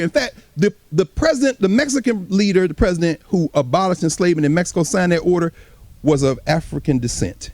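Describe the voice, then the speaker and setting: Lively high-pitched male lecturer. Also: a little fast, no echo. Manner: acts out historical voices, talks straight to the audience; casual, colloquial speech. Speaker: guest lecturer on history. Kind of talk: animated lecture to a live audience.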